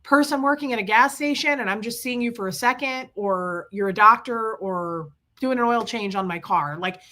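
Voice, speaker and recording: A chatty woman on a casual livestream with a bright, sharp tone. She tells her story in a frank, venting way and calls out viewers by name as she goes. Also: a little high, moderate pace. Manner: chatty, vents frustration, answers viewers by name.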